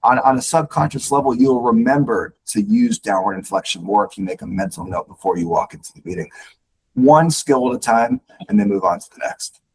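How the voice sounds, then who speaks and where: A man giving coaching advice as a podcast guest, instructive and animated, often repeating words as he starts sentences. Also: medium pitch, a little fast, gravelly, a little hiss or hum, poor audio. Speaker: guest speaker on leadership.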